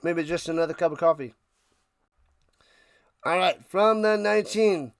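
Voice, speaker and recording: Excitable man with a high, gravelly voice. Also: unhurried, long pauses. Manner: excitable, jokey, bursts of loud hype on big plays. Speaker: watch party play-by-play host. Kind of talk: casual live play-by-play and chat with viewers. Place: home room, his man cave.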